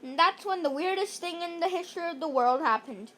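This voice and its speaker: A woman's voice: very high-pitched, brisk, fairly bright tone. A woman reading a children's chapter book aloud in a playful way, with jokey asides. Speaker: narrator.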